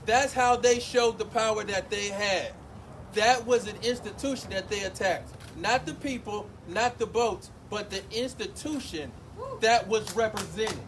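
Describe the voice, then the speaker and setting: Man, high voice, impassioned outdoor speech, loud background noise. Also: a little slow. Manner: projects his voice, emotional, speaks directly to the crowd. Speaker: community speaker at public forum. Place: outdoors at a street gathering.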